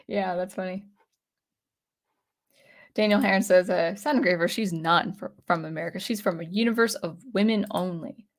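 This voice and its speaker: A woman's voice: on the low side, normal speed, pauses often. A young adult woman hosting a casual livestream, reading chat comments aloud in a chatty, hesitant way with many fillers and restarts. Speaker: livestream host.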